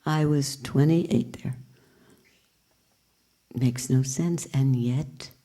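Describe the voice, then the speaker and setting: An older woman teaching a group in a spiritual talk, reflective and questioning with gentle humor. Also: very deep voice, breathy edge.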